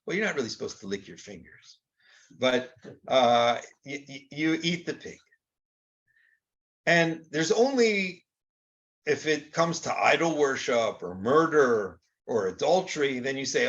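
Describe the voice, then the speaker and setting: Older rabbi teaching, kinda high voice, really lively swoopy intonation, chatty lecture. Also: male voice, unhurried, muffled recording. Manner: animated, conversational, acts out quoted exchanges with rising rhetorical tone. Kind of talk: informal Torah lecture.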